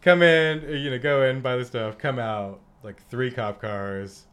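A man's voice: mid-range voice, fairly even intonation, a little slow, a crowd in the background. A young man co-hosting a podcast, telling rambling stories in casual chat with lots of fillers. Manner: rambling storyteller, frequent fillers and laughter. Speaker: podcast co-host.

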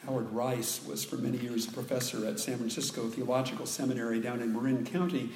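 A man preaching a sermon as pastor, speaking slowly and deliberately and leaning hard on key words. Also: mid-range voice, fairly even intonation, a little mellow, slight background noise. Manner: slow, deliberate preaching with dramatic emphasis. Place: church sanctuary. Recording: echoey church room, faint ambience.

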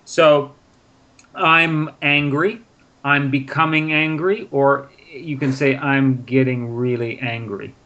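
Guy explaining grammar slowly w/ examples, kinda muffled lo-fi sound. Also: mid-range voice, fairly even intonation, sharp tone. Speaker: English teacher. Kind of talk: casual spoken lesson. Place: in Prague.

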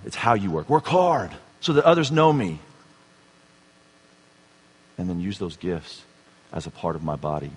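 A man preaching a sermon, dropping to a hushed tone and then building to emphatic, raised passages. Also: rumbling low, slight background noise. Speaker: pastor. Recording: reverberant hall.

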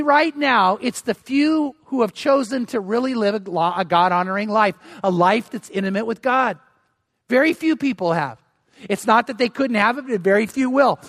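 Older guy preaching, real high voice, earnest and emphatic, trips over words sometimes. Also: a bit bright, no room sound, clean studio sound. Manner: earnest, emphatic, repeats words when stumbling. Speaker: pastor. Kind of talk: sermon.

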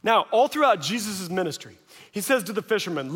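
A man preaching a sermon, telling a story with acted-out voices, swinging from hushed lines to shouts. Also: high voice, animated, brisk. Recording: long hall reverb.

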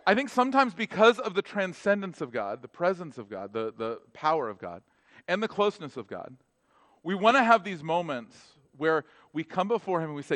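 A man delivers a sermon in an easygoing, conversational way. His voice sits somewhat high, and he slips into animated quoted dialogue. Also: fairly quick. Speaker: preacher.

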